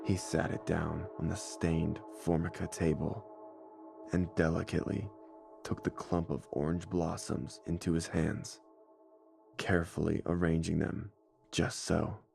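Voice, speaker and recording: A man narrating a scripted horror story in a measured, deliberate way, with music playing behind him. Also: deep voice, flat delivery, vocal fry, darkish tone. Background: faint music score.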